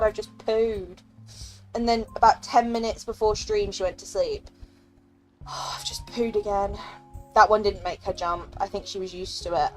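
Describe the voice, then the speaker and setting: A young woman streaming a game, chatting casually and emotionally with her viewers, giggling and thanking them often. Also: medium pitch. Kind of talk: casual live-stream chat.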